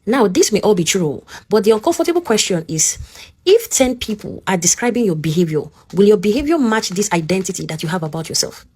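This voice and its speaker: Woman, Nigerian English accent, motivational teaching talk, earnest and direct, checks in with listener, middle pitch. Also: lively intonation, a little fast, a little mellow, husky.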